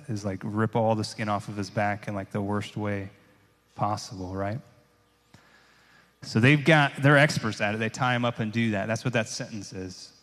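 A man preaching a sermon in a loose, conversational way, often adding "like" and "right?" as he reads and explains scripture. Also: lowish voice. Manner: casual, conversational, many filler "like"s and "right?"s. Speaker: pastor. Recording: long hall reverb.

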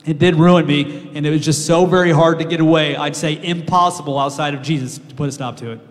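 A man giving a personal testimony in a halting way, with many pauses and restarts. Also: on the high side, steady tone. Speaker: guest speaker sharing testimony. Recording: hall with long reverb.

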